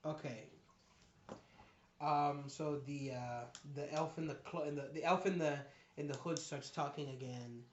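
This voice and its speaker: A young man narrating as game master of a tabletop game, crude and quick to laugh. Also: on the high side, slight background noise. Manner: laughing, crude, voices characters loosely. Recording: dull echoey room recording.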